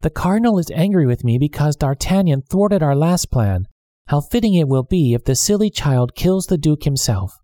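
Man playing a scheming noblewoman, high voice, scornful, mellow tone, dry sound. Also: big pitch swings, normal speed, no echo. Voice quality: sneering, scornful. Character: scheming cruel noblewoman, contemptuous.

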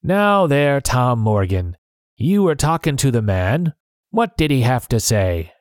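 A man's voice: big pitch swings, unhurried, no echo, studio quality. A man doing a hearty one-legged tavern keeper. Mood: roaring. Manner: cheery, booming. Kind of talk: storybook reading.

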